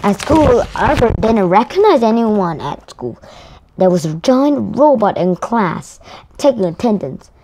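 Slow, lively woman reading a picture book. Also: mid-range voice, slight background noise. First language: Korean. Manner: careful, with restarts and self-corrections. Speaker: storyteller.

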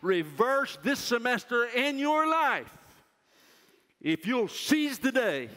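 Older male chapel speaker, forceful and high-pitched, preaching emphatically in a reverberant hall. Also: sing-song, slow. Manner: loud, emphatic preaching that drops to a soft, self-mocking aside. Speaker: university president speaking at chapel. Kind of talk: chapel sermon to students.

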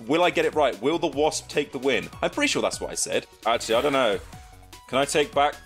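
A young English man chatting and joking through gameplay commentary, breaking into excited shouts, recorded at a home desk mic. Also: mid-range voice, quick pace, soft background music. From England. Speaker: gaming YouTuber.

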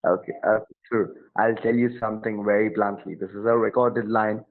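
A man's voice: lowish voice, level tone, normal speed. A man playing a support agent on a phone call, pushy and threatening, repeating his demands over and over. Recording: tinny phone line.

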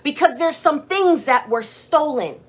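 High-voiced woman preaching fervently. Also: lively intonation, a little slow. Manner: fervent, repetitive preaching with rhetorical questions. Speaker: preacher leading prayer. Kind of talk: sermon. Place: church or streamed prayer service.

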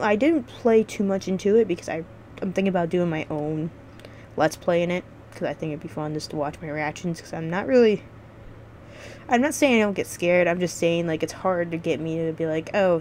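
A woman's voice: on the low side, darkish tone, a little hiss or hum. A woman vlogging casual game reviews, rambling and swearing freely with lots of restarts.

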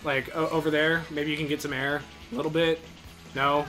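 A man's voice: fairly high pitch, flat delivery, a little fast, bright, forceful tone, soft background music. A man co-hosting a gaming video, making wry, teasing jokes in casual commentary.

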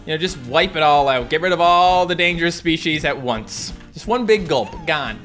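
A young man narrates his gameplay in a chatty, rambling way, his voice fairly high and swinging widely in pitch. His tone is bright and forward. Faint game music plays behind him. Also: very animated, normal speed, hardly any pauses. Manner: chatty, rambling asides to viewers. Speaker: let's play host. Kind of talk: casual game commentary.

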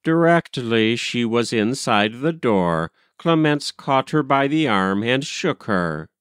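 A man reading a classic children's story aloud in a measured, expressive storytelling manner. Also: mid-range voice, clear, resonant tone, no room sound, studio quality. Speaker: audiobook reader. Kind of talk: storybook narration.

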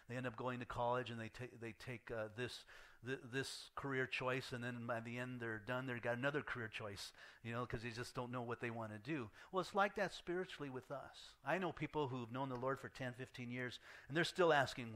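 Bright-voiced man preaching a sermon. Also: medium pitch, fairly quick. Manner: fillers and restarts, conversational preaching. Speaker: pastor. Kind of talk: verse-by-verse sermon. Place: church sanctuary.

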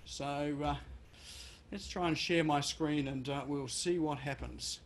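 A man's voice: a little high, steady tone, measured pace, slight background noise. An Australian man hosting a video call, casual and full of fillers and restarts. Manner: hesitant, many fillers. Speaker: webinar host.

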